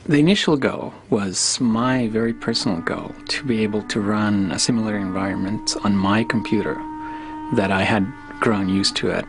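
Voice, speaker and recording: A low, gravelly-voiced man from Finland talks through a documentary interview in a relaxed, unhurried way. He hesitates often, with ums and false starts, while faint music plays behind him. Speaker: interviewee, software developer.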